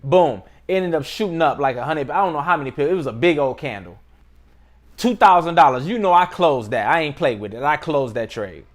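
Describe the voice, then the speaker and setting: A young man hosting a trading channel, telling a story to camera in a relaxed, slangy, casual way from a room indoors. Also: a little high, fairly quick. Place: indoor room with adjustable lighting.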